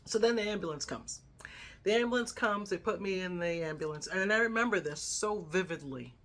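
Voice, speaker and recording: A woman in her fifties telling a personal story in a chatty, animated way, often checking in with "right?". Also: mid-range voice, brisk. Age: 50s. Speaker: lifestyle vlogger.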